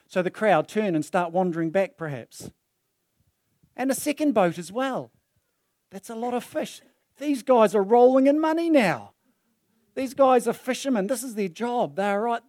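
A man's voice: extremely high pitch, studio quality. A man, preaching a sermon and telling the story vividly, speaking into a microphone in a church hall. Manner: animated, dramatizing the story with voices. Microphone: handheld or stand mic.

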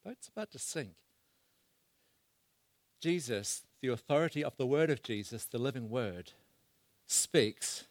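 A man preaching a sermon, swinging between loud bursts and hushed asides as he asks the congregation questions. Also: medium pitch, animated, unhurried, pauses often, no room sound.

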